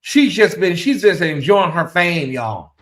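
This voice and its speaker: Hosting a gossip show, this man delivers casual, sassy, chatty commentary and addresses his viewers as "y'all" and "honey." His voice is high, animated and a little bright, moving at a measured pace. The recording has an echoey room sound.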